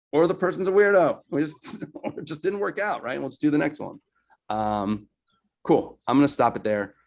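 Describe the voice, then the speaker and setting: A man leading a casual team training on sales calls, loose and chatty, often asking "right?" and with a New Jersey accent. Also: mid-range voice. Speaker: real estate team leader.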